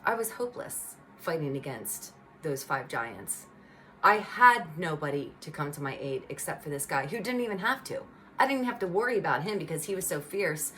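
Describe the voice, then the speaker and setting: Animated woman telling her testimony. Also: low voice, slight background noise. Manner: animated, conversational storytelling with lots of "like" and "you know". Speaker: speaker giving a personal testimony. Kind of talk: personal faith testimony storytelling.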